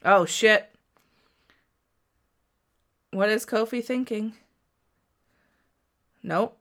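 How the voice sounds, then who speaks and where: A woman's voice: mid-range voice, extremely slow. A woman, commenting on a wrestling match for her viewers, chatty and prone to gasps and outbursts. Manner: excitable, gasps and cries out at the action; chatty, talks straight to viewers. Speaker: wrestling watch-along streamer. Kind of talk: casual live reaction commentary.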